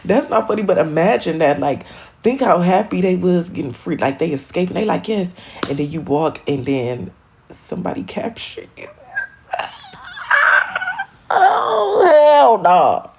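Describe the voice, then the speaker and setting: A young woman from Michigan talks to her live-stream audience in a loose, rambling way, swearing freely and cracking herself up. Her voice sits low with a gravelly edge. Her pitch leaps and dips all over the place. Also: moderate pace, background noise. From Michigan, USA. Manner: rambling, animated and profane, laughing at her own jokes. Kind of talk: casual live-stream chat.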